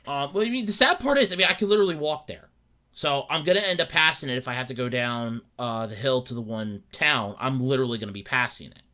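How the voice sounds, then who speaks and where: A man's voice: mid-range voice, expressive, quick pace, bright, forceful tone. A young man hosting a casual solo podcast, rambling and stumbling over words while sounding upset and dejected. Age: young adult. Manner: rambling, repeats words, acts out his own thoughts. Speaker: podcast host.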